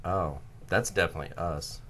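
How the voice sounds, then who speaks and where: A man's voice: low voice, moderate pace, a bit bright. A man co-hosting a casual podcast chat, hesitant and searching for words. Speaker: podcast co-host.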